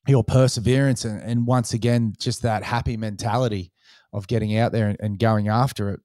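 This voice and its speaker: A lowish-voiced Australian man in his thirties hosts a podcast, telling stories in loose, sweary chat and acting out other people's lines in put-on voices. He swears freely and retells things with animation. The recording is dry with clean studio sound.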